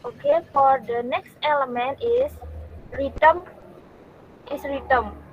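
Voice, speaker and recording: A young woman with a high voice gives a class presentation, explaining at a slow, halting pace with pauses. The recording sounds dull and lo-fi. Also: sing-song, a little hiss or hum. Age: young adult. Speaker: university student presenter.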